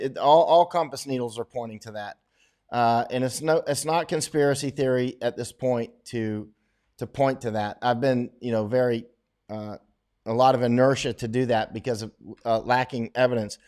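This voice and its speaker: Middle-aged man, casual chat, opinionated, rambling, restarts often, medium pitch. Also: darkish tone. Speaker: host answering viewer questions.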